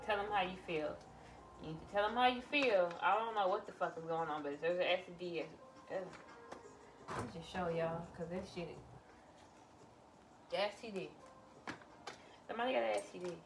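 A woman's voice: fairly low pitch, recorded from a distance, noisy background. A woman doing a casual tarot reading, blunt and exclamatory, swearing freely as she lays out cards. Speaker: tarot reader.

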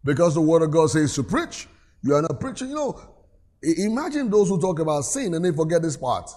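A man's voice: on the high side, very animated, a little fast, darkish tone. A man preaching a sermon in a church, reading scripture aloud and calling on the congregation to answer him. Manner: preaches with call-and-response, reads scripture aloud. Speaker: pastor.

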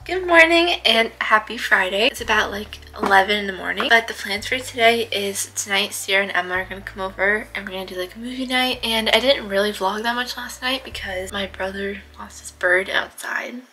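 Bubbly teen girl vlogging, bright voice. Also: mid-range voice, brisk, hardly any pauses, slight background noise, rough recording. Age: teens. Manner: bubbly, chatty, giggly asides. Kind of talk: casual vlog chat. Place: at home and by a pool.

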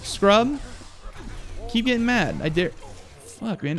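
A young man giving loud, crude, excitable commentary while playing a video game. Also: high voice, takes it slowly. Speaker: gaming YouTuber. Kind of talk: let's play commentary.

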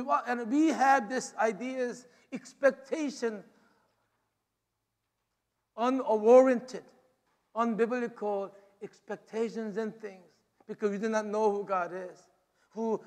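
A man's voice: high-pitched, a little mellow. A man preaching a sermon to his congregation, emphatic and repetitive, often saying "you know". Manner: emphatic, repeats phrases, frequent "you know". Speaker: pastor. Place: church sanctuary. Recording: long hall reverb. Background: hall reverb.

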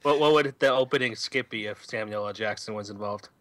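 Fast, bright podcast co-host. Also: male voice, on the low side. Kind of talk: casual comedic chat.

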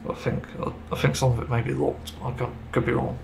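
A man's voice: medium pitch, level tone, fairly quick, vocal fry, darkish tone, a little hiss or hum, low-quality recording. A man giving a casual, rambling opinion monologue about a game, getting frustrated and swearing casually. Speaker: gaming video creator.

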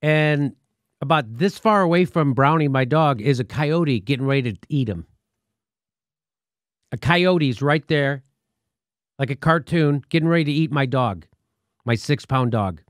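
Talk-show host, male, animated storyteller with a slightly raised pitch, dry close studio mic. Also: a little slow, long pauses, no echo. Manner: animated, acts out quotes with profanity. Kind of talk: casual storytelling.

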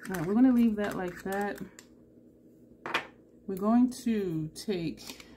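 A woman's voice: on the low side, mellow, a little hiss or hum. A woman vlogger chatting through a makeup tutorial, thinking aloud and correcting herself as she goes. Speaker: beauty vlogger.

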